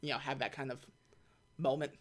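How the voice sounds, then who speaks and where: A woman co-hosting a casual movie podcast, recapping scenes and slipping into quick deadpan voices for the characters. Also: very deep voice. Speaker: podcast co-host.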